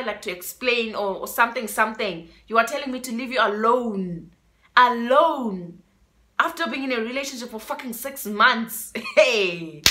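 A woman's voice: fairly high pitch, sharp tone. A young woman with a South African accent telling a story-time vlog, emotional and dramatic, repeating words for emphasis. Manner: emotional and dramatic, switching between English and isiXhosa. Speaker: vlogger.

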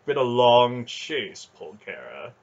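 A man's voice: mid-range voice, very animated, muffled recording, pitched above the performer's own voice. A man doing a gloating sorcerer priest. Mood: mocking. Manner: slow, gloating and mocking. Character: scheming scarred male sorcerer priest, mocking.

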